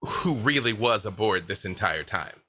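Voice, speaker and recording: A man playing a tabletop game, talking lively and half in character. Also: fairly low pitch, normal speed, a little hiss or hum. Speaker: player.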